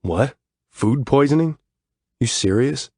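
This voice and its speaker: A man's voice: low-pitched, unhurried, a little mellow, no room sound, clean studio sound. A man voicing a blunt, swearing young guy. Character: brash, exasperated young man, the cousin.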